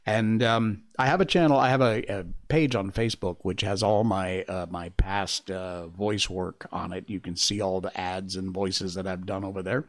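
A man's voice: low voice, fairly even intonation, moderate pace, hardly any pauses. A man from Connecticut who hosts a podcast, talking in a rambling way full of fillers and chuckles. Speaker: podcast host and voice actor. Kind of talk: casual political commentary.

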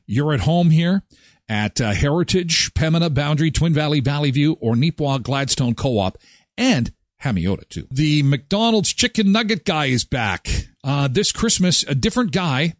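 A man hosting a casual morning radio show, reading ads and joking about the news in an animated way. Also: fairly high pitch, moderate pace, dry recording, studio quality. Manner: animated, jokey, acts out voices. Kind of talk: casual morning show chat with live ad reads.

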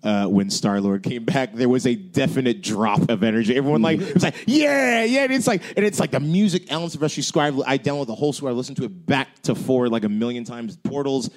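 A man's voice: mid-range voice, fast talker, hardly any pauses. A man co-hosting a casual movie podcast, telling stories and acting out quotes in little voices. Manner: animated storyteller, acts out quotes in voices. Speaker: podcast co-host.

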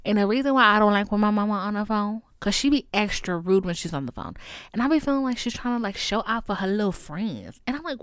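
A young woman tells a story to her listeners in a loose, casual way, swearing often and sliding up into a higher voice whenever she quotes someone. Her voice sits at an ordinary middle pitch. The recording is dry and close, with no room sound around her. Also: fast, clear, resonant tone, dry recording. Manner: animated, swearing, acts out quotes in a high voice. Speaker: podcast host.

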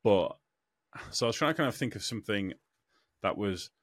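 Rambling young man, deep but lively. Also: no echo. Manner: rambling, halting with many fillers. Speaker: podcast co-host. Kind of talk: casual chat.

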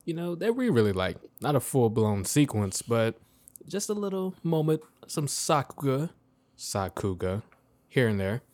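A man's voice: medium pitch, big pitch swings, measured pace, a little mellow. A man co-hosting a casual podcast from his own setup, loose and profane, laughing often as he banters. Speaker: podcast co-host. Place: home setup, recording separately from co-host.

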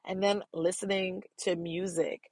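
A middle-aged woman talks through her self-care podcast in a relaxed, candid way. Her voice sits low, and she laughs easily between thoughts. The recording is close and dry, with no room sound around her. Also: unhurried, slightly rough, dry recording. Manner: candid, chatty, laughs often. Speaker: podcast host.

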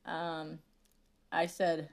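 A woman hosts a podcast in casual conversation, telling stories packed with swearing and laughter. Her voice is low, creaky, very slow, and completely flat, with a crowd audible behind her.

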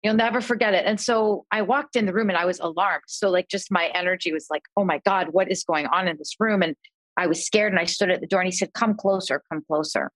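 Animated woman telling a story, dry sound. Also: fairly low pitch, fast talker, no room sound. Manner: animated storyteller, voices quoted family members. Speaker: podcast guest. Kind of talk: conversational storytelling.

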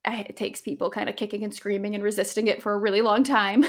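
A woman speaking as a coach in a casual interview, reflective and quick to laugh, with frequent fillers. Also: medium pitch, little pitch movement. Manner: warm, reflective, laughs easily, many fillers. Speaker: guest coach.

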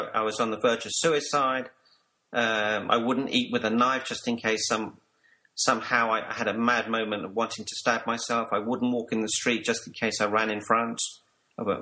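A man's voice: medium pitch, pushed and bright, poor audio. A man working as a life coach, telling his personal story earnestly to an interviewer and sometimes repeating words.

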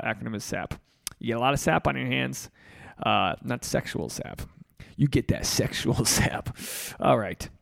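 Gravelly, profane male podcast host. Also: medium pitch, no echo, studio quality. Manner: profane, rambling, jokey. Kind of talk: solo podcast commentary.

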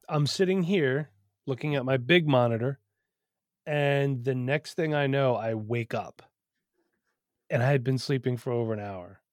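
A man's voice: medium pitch, no room sound. A man in his thirties co-hosts a casual podcast from his home studio. He tells stories candidly and swears freely. The sound is dry and close. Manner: candid, profane, storytelling. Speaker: podcast co-host. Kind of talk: casual chat.

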